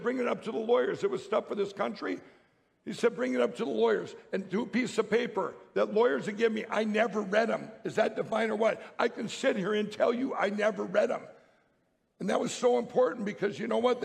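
In a long, reverberant hall, a man speaks to an audience, his high voice marked by vocal fry. As a public speaker, he rambles through an emphatic story, starting over again and again.

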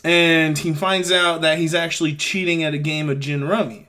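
A man's voice: on the high side, steady tone, normal speed, bright, forceful tone. A man co-hosting a film podcast, cracking crude jokes and laughing a lot in casual chat. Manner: jokey and profane, laughs a lot. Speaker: podcast co-host.

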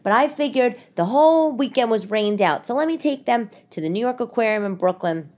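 Rambling, animated woman podcast host. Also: on the high side, fairly quick. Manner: rambling, animated, with frequent restarts and swearing. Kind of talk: casual comic monologue. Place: living room.

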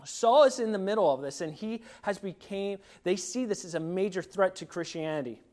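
High-voiced man preaching casually. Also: normal speed, a little mellow. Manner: conversational preaching with many fillers and restarts. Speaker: pastor. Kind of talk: sermon.

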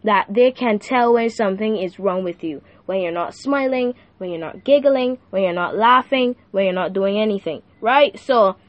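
A woman's voice: mid-range voice, normal speed, hardly any pauses, dry recording, muffled recording. A young woman hosting a faith podcast who teaches in a casual, slangy way and keeps asking the listener "right?". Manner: animated, laughing, asks the listener "right?" often; slangy and playful. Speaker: youth podcast host.

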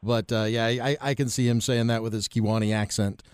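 A man's voice: lowish voice, little pitch movement, quick pace, clean tone, no room sound. Guy hosting a podcast, casual asides, dry close sound. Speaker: podcast host. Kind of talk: casual interview chat.

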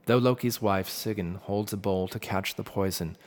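A man narrating a myth in a measured, dramatic storytelling manner. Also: on the low side. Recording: long reverb with faint music.

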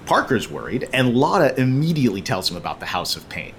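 A man's voice: medium pitch, sing-song, a little fast, slight background noise. A man hosting a podcast, recapping a movie in a casual, sarcastic, joking way with frequent swearing. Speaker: podcast host.

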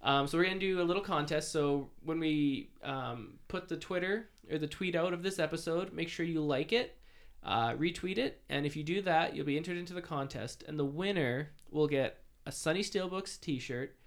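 A man's voice: a little high, normal speed. A man with a Canadian accent co-hosting a podcast, talking in a rambling, playful way full of fillers. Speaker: podcast co-host. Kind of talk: casual chat.

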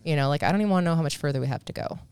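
A woman, a podcast guest, chatting casually and telling a story with animated delivery, casual swearing and acted-out quotes. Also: low-pitched, racing, smooth. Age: adult, married.

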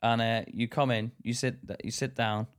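A British man in easy podcast banter, quick to laugh and swear. He likes to act out silly little voices in the middle of a story. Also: mid-range voice, level tone. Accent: British English. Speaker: podcast co-host. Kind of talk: casual chat.

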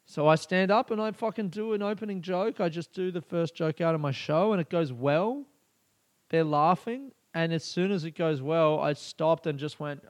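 A man's voice: on the high side, brisk, smooth. A male comedian and podcast host telling a story in a rambling, profane and exasperated way. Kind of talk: casual storytelling monologue.

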